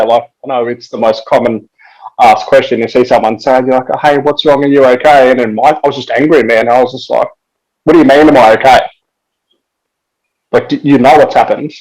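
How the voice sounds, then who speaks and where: Laid-back swearing bloke. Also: male voice, medium pitch, darkish tone, low-quality recording. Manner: laid-back, swears freely, says "man" and "like" a lot. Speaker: podcast guest. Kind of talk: casual chat.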